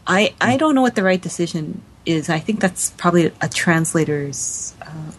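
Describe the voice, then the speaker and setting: A woman on a podcast panel, talking quickly and animatedly with frequent restarts in casual discussion. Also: on the low side, animated, a little hiss or hum, poor audio.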